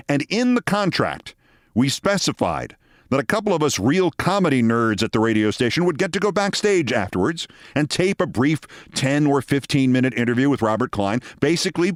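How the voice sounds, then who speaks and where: A man's voice: fairly high pitch, no echo, clean studio sound. A man hosting a show, telling a long personal story and acting out the people in it. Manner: lively anecdote-telling, acting out quoted people. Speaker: host. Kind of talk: storytelling monologue.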